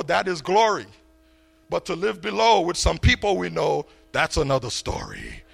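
A middle-aged male pastor preaching a sermon in a church, swinging between booming shouts and soft asides, often stammering and repeating words. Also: creaky. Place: church, before a congregation.

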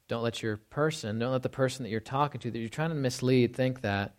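A man's voice: medium pitch, fairly even intonation, a little fast, hardly any pauses. Casual, conversational male pastor. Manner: conversational, frequent ums and "right?" asides. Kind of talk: casual sermon with object lessons.

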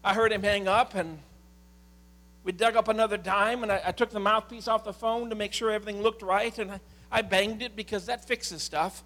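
A middle-aged man preaching a sermon as a pastor, swinging from impassioned shouting to quiet storytelling. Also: high voice, steady tone, fairly quick.

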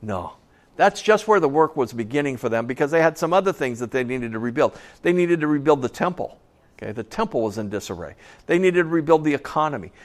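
A man's voice: a little high, lively intonation, fast talker. Emphatic preaching man. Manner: emphatic, repeating key phrases; conversational storytelling asides. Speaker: pastor. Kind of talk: sermon.

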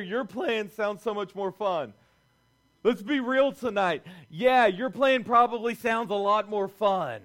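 Animated high-voiced young male preacher. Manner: animated, conversational, acts out quoted voices. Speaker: youth pastor. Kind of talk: lively sermon.

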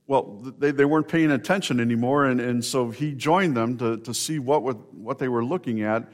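A man's voice: mid-range voice, moderate pace. A man preaching a sermon, telling stories in a conversational way and speaking directly to members of the congregation. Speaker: pastor.

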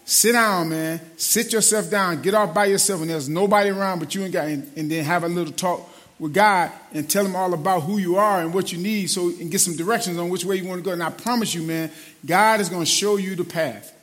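A man's voice: high voice, fairly quick, a bit bright. A middle-aged man preaching a sermon in a loose, conversational way, often calling the listeners "man". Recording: long hall reverb.

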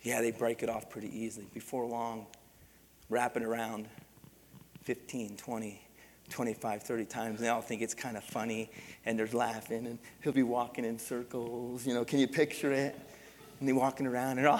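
A man's voice: medium pitch, fairly even intonation, a little fast, slight background noise. A man preaching a sermon as pastor, with emphatic repetition and direct calls to the congregation. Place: church sanctuary. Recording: long reverb of a church hall.

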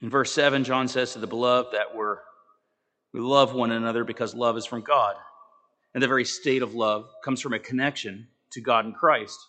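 An earnest man preaching a sermon at a middle pitch. He leans hard on key words, then drops almost to a hush. Now and then he breaks into casual asides to the congregation. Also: fairly even intonation, normal speed. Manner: earnest, emphatic, rising and falling with dramatic swings in volume.

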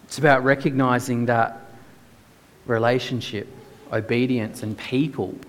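A man preaching a sermon with earnest, emphatic rhetorical questions. His mid-pitched voice carries a long reverb from the church hall around him. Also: fairly even intonation, a little slow.

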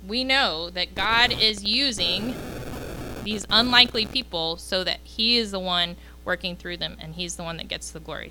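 A woman teaches a youth group in a relaxed, chatty way, often pausing to ask the group "okay?" Her voice is very bright and forward, with a smooth, clear tone at a middle pitch. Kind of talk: casual Bible lesson to teens.

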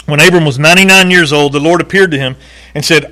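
A male pastor preaching a sermon in an animated way, acting out quoted voices and laughing now and then. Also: on the high side, fast talker.

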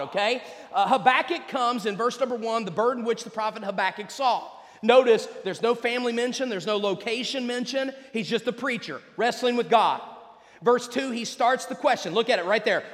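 High-voiced man preaching in a reverberant hall. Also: fairly bright tone. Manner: conversational, addresses the congregation directly. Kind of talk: sermon.

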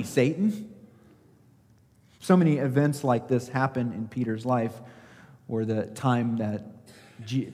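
A man's voice: mid-range voice, darkish tone. A male pastor delivers a sermon with emphasis, pressing rhetorical questions on his congregation and acting out the lines of scripture. His mid-range voice carries a long reverb from a large sanctuary.

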